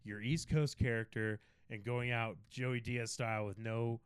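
A man's voice: medium pitch, steady tone, a little slow, smooth, no room sound. A young man co-hosting a comedy podcast, teasing and swearing in casual banter. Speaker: podcast co-host.

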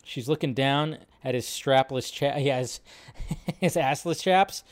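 A man's voice: medium pitch, measured pace. A man hosting a casual live stream, rambling about movies, swearing freely, reacting to chat and laughing often.

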